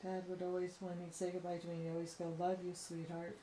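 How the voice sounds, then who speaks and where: A woman's voice: lowish voice, monotone, fast talker. A woman taking part in a ghost box session who speaks tenderly and wistfully to late relatives. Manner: soft-spoken, tender, wistful. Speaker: paranormal investigation companion. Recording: echoey room with faint background noise.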